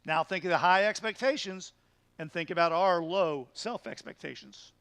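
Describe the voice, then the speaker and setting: Pastor guy, fairly high voice, earnest and emphatic, dry close sound. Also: moderate pace, a bit bright, clear, resonant tone, no room sound. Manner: earnest, emphatic, rhetorical questions. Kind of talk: midweek Bible study teaching.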